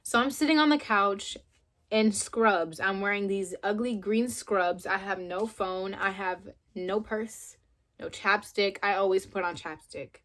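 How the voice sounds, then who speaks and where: A woman's voice: mid-range voice, measured pace. A young woman vlogger casually recounting a personal story to camera, acting out her own quoted lines bluntly. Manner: animated retelling with quoted dialogue, frank and blunt.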